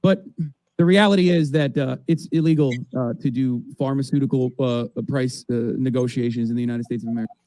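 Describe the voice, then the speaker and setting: A man's voice: mid-range voice, steady tone, fairly quick, mellow, no room sound. A man co-hosting a livestream, commenting on a video in a sarcastic, ranting way. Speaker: co-host.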